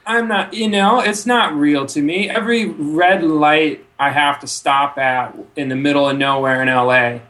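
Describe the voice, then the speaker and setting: A man talking in a relaxed, rambling way as a podcast guest. He swears freely and keeps dropping in "you know". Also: on the high side, normal speed, few pauses. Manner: laid-back, swears freely, rambling asides; trails off with frequent "you know". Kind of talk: casual chat.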